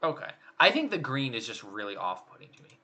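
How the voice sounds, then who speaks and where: A man with a bright, forward voice chats casually while judging contest photos. He thinks aloud, often hesitating and restarting his sentences. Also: mid-range voice, huge pitch swings, quick pace. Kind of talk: casual chat.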